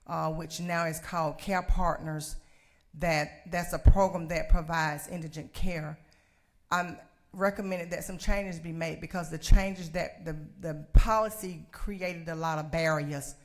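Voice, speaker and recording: Measured middle-aged woman at a podium. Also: deep voice. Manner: measured, with frequent fillers and restarts. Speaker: speaker at public comment. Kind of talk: prepared public comment.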